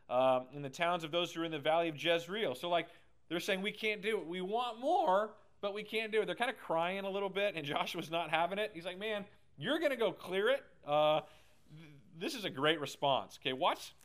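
A man with a fairly high voice leads a Bible study. He is chatty and animated, peppering his explanations with "right?" and retelling the text in everyday slang. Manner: chatty, keeps asking "right?", paraphrases scripture in slang. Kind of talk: lively Bible lesson.

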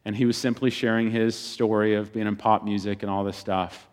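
A man preaching a sermon as a pastor, swinging between loud bursts and quiet, hushed passages. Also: lowish voice, flat delivery, a little fast.

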